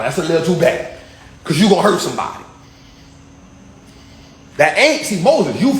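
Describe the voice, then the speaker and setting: Animated man preaching in slang. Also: high voice, normal speed, vocal fry, long pauses. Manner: animated, repetitive, slangy and conversational. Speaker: vlogger preaching. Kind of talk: casual street-style sermon. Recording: echoey room, faint ambient hum.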